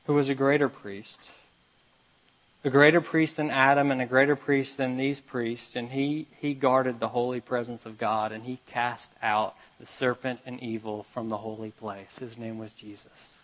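A man preaches a sermon with a mid-range voice that rises to loud urgent calls. He then drops to a quiet, hushed storytelling tone, reading scripture aloud and telling a parable. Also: mid-range voice, steady tone, measured pace, low-quality recording. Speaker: pastor.

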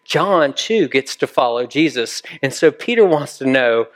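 A man's voice: mid-range voice, very animated, measured pace, hardly any pauses. A male pastor preaching a sermon in a conversational way, often putting questions to his listeners.

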